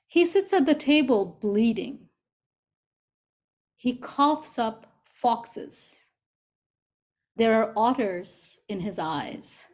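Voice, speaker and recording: A woman reads a poem aloud over a video call, taking each line slowly and deliberately. Her voice sits a little high, and her manner stays gentle and unhurried throughout. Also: expressive. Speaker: co-facilitator. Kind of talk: slow poetry reading.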